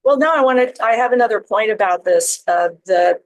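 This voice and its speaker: A woman's voice: a little high, lively intonation, a little fast, dry recording, poor audio. A woman in her fifties, a guest in an interview, earnest and reflective, passionate about her point. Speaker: guest author. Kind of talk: casual interview chat.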